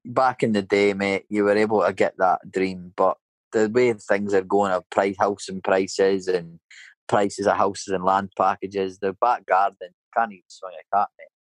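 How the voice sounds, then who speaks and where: A man's voice: deep voice, fairly even intonation, normal speed, dry recording, rough recording. A Scottish man in his thirties, a painter and decorator, telling a rambling story in casual chat and filling it with "mate" and "you know". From Scotland.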